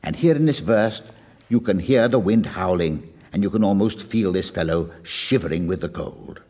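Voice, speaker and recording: A man's voice: sits low, moderate pace, darkish tone. A man lecturing on a song, telling its story in a storytelling manner and acting out the quoted lines. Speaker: music lecturer. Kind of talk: explaining a song with acted quotes.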